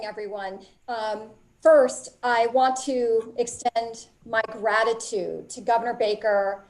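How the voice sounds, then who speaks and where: A woman's voice: a little high, a little mellow, rough recording. Woman mayor giving formal remarks. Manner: formal, measured, grateful. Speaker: city mayor. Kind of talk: prepared remarks at a press event.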